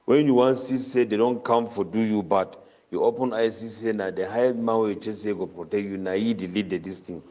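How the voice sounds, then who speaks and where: A man preaching a Ramadan tafseer sermon in Cameroonian Pidgin English, chanting Arabic verses rapidly between his explanations. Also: on the low side, fairly even intonation, a little mellow.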